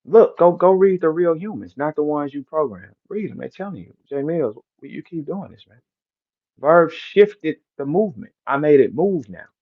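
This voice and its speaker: A battle rapper from St. Louis, speaking with a St. Louis accent, hosts a live audio room and delivers a brash, repetitive rant full of boasting and trash talk. His voice sits on the high side with lively intonation at a normal speed, and the sound is phone quality.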